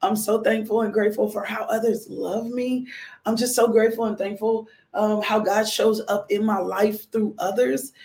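A woman's voice: mid-range voice, gravelly, darkish tone. A middle-aged woman hosting a live stream, talking in a heartfelt, rambling way and repeating herself. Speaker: livestream host, widowed mother. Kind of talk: casual live-stream chat.

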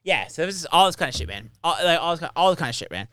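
This man talks very fast in a fairly high pitch, his tone clean and the studio recording free of echo. In a casual storytelling chat he recalls being an army captain, swearing freely, staying animated, and quoting those involved.

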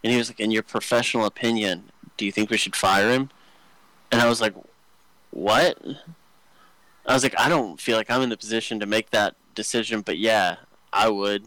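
A man's voice: on the low side, steady tone, bright, forceful tone, no room sound, low-quality recording. Crude joking young man on a podcast. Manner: crude, joking, fast rambling with many fillers. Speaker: podcast co-host. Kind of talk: casual storytelling chat.

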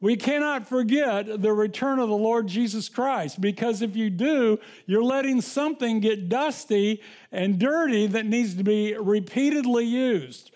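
High-voiced man preaching a sermon. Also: unhurried, hardly any pauses, a little mellow. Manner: conversational preaching with restarts and scripture reading. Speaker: pastor.

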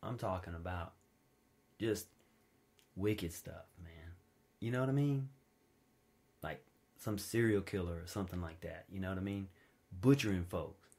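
A man preaching a sermon in a relaxed, conversational way, telling personal stories with big swings between loud high peaks and low quiet passages. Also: a little slow, vocal fry, long pauses. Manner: informal storytelling, wide swings in pitch and loudness, drops low and quiet for stories.

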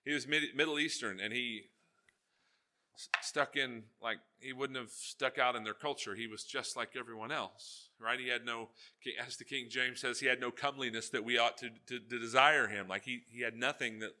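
A male pastor preaching a sermon, telling jokey stories and swinging between loud asides and hushed, earnest points. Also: medium pitch, fairly even intonation, normal speed.

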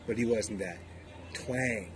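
A man's voice: lowish voice, slow pace, over music. A man in casual chat, emphatic and opinionated, swearing freely. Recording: background noise.

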